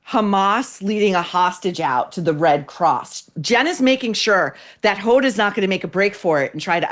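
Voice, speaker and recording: A woman hosting a commentary podcast, ranting bluntly with profanity and biting sarcasm. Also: mid-range voice. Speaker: podcast host. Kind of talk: opinionated commentary.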